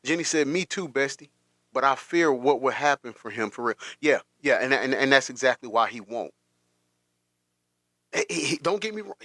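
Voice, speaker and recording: A man's voice: mid-range voice, expressive, moderate pace, pushed and bright, no echo. A man hosting a reaction stream, talking with emotion, repeating himself and stopping short. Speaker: host.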